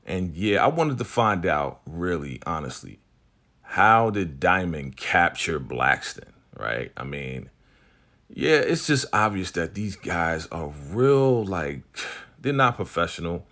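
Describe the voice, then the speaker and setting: Deep-voiced man recapping a TV episode. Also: sing-song, slow, sharp tone. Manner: slangy, laid-back, acts out the characters' lines. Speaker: TV recap host.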